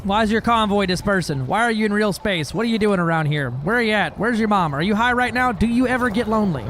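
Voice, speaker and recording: A man's voice: sits high, expressive, quick pace, a bit bright, slight background noise. A man streaming a space game, chatting casually with viewers in a joking, profane way. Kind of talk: casual gaming livestream chat.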